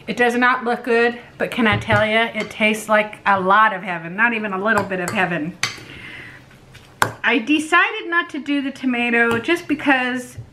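A woman's voice: fairly high pitch, fairly even intonation, moderate pace, noisy background. A woman vlogger chatting casually to camera at home, self-deprecating and laughing often.

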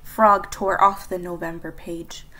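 A young adult woman reading a children's storybook aloud for a library, narrating and explaining slowly and clearly to young listeners. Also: on the low side, fairly even intonation, bright, forceful tone, rough recording.

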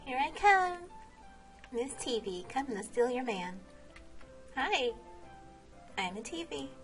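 A woman's voice: fairly high pitch, animated, takes it slowly, faint music behind. A woman vlogging while she plays, chatting casually, laughing and exclaiming often. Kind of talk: casual game vlog commentary.

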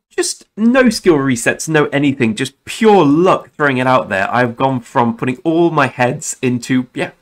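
A man's voice: medium pitch, fairly bright tone. A young man hosting a gaming channel, talking casually and rambling through game commentary, often correcting himself and swearing now and then. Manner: rambling, self-correcting, chatty with mild swearing.

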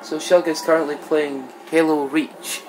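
A man filming his friend, making slow, amused asides about the game. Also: fairly high pitch, little pitch movement, music in the background, rough recording. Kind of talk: offhand commentary while filming. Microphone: handheld camera. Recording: camera mic with background noise.

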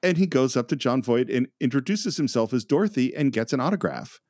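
A man's voice: mid-range voice, animated, a little fast, darkish tone, dry recording, studio quality. A man hosting a casual film podcast, enthusiastically retelling scenes and laughing often. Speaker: podcast host.

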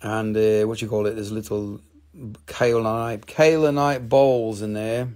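Selling crystals on a live stream, this middle-aged man holds up stones and announces prices in a loose, playful patter. His intonation is fairly even, his pace a little slow and his sound a bit mellow, broken up by squeaky high voices he puts on for jokes.

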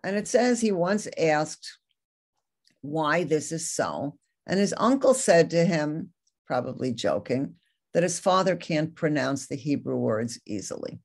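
Slow, earnest woman teaching Torah. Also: low voice, lively intonation, darkish tone, husky. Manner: earnest, retells a story and reads quoted passages aloud. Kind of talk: lecture with story reading.

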